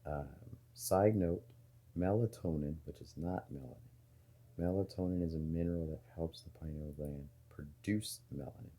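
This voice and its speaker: A video host with an extremely low, husky voice delivers a casual monologue straight to camera. His tone is dark and mellow as he rambles and speculates, drifting between thoughts with many fillers and restarted sentences.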